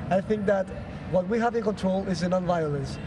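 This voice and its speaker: A young man in his twenties from Venezuela, a student leader, speaking halting English with restarts, interviewed outdoors. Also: high voice, background noise. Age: 20s. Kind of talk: interview answer. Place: outdoors at an evening concert.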